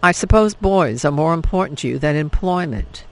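A man's voice: on the high side, animated, normal speed, rough recording. A man playing a stern, harsh bookseller father. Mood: scolding. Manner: harsh, curt. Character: stern, blunt older male bookseller father.

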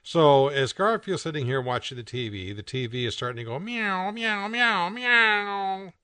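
A man's voice: medium pitch, brisk, no echo. A man hosting a radio show, casually describing comic strips aloud and laughing at the jokes. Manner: relaxed, chatty, laughs at the jokes.

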